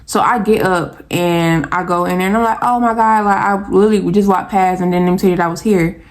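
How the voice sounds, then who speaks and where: A young woman from the American South, Atlanta accent and all, animatedly and exasperatedly tells a storytime in a casual vlog, speaking right to her viewers. Her voice is on the low side and a little fast.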